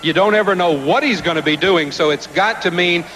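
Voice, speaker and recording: A man with a high voice announces a wrestling TV show in a measured, matter-of-fact way. The old recording has clear hiss and noise behind him. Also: pushed and bright.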